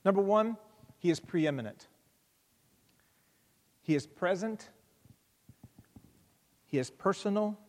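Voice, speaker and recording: A man preaching a sermon and leading a prayer, earnest, with frequent fillers and restarts, growing louder on key points. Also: high-pitched, animated, takes it slowly, long pauses, in a large hall. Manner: earnest, repeats words, many fillers and restarts. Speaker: pastor.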